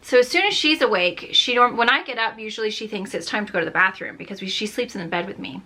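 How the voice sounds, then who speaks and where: A woman in her thirties chats through a story as she does her makeup, her voice bright and clear. She fills her talk with "like" and often drops to a hushed, almost whispered tone before coming back up. Her pitch sits in a plain middle range. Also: expressive, fast. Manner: chatty, lots of "like", drops to a near whisper at times. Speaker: beauty vlogger. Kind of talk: casual storytime while doing makeup.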